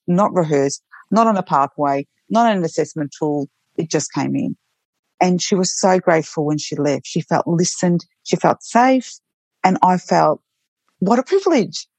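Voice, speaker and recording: A woman's voice: fairly low pitch, normal speed, vocal fry, a little mellow, dry recording. A woman who works as a nurse, telling heartfelt stories from her work in an earnest, reflective way with frequent restarts. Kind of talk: reflective storytelling interview.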